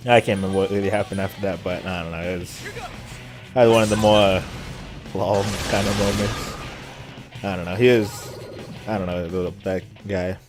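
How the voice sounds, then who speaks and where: Over music, a young man with a low, steady voice commentates a video game at a moderate pace, pausing often. He tells meandering stories, packed with filler words, and laughs a lot.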